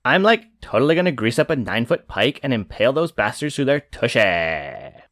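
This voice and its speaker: A man's voice: medium pitch, very animated, fairly quick, a bit bright, no echo, clean studio sound. A man voicing a barbarian king who drawls like a valley girl. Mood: drawling.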